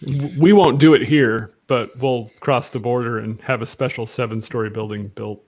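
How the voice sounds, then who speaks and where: A man's voice: mid-range voice, steady tone, moderate pace, darkish tone. A man in a casual group chat, opinionated and rambling, restarting his sentences. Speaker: chat guest.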